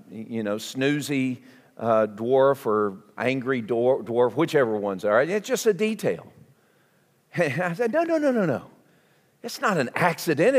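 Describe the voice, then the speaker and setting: A man with a Southern US accent preaching an impassioned sermon, emphatic and repetitive. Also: high voice. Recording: long hall reverb.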